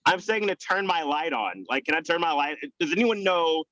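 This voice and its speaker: A man's voice: on the high side, lively intonation, normal speed, a loud crowd. A man hosting and chatting over a video call while driving at night, rambling with many fillers. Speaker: show host. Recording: muffled lo-fi video call audio.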